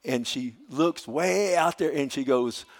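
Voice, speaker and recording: An older preacher tells homespun stories from the pulpit. His voice sits at an ordinary pitch and swings from quiet, intimate asides to loud, lifted calls. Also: a little slow. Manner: folksy storytelling, swinging from hushed to loud. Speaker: pastor. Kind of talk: sermon.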